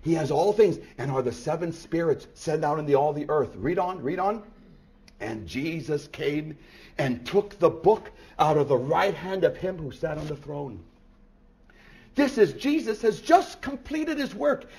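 A man preaching a sermon through a scripture passage, dropping to hushed tones and then building to loud, emphatic bursts, with repeated rhetorical questions. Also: fairly high pitch, normal speed. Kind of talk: expository sermon reading from scripture.

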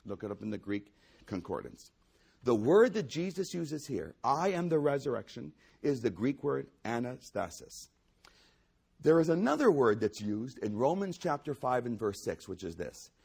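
A man's voice: mid-range voice, sing-song, normal speed, vocal fry, a little mellow, breathy edge. A man preaching a sermon, emphatic and building to a raised voice. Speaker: pastor.

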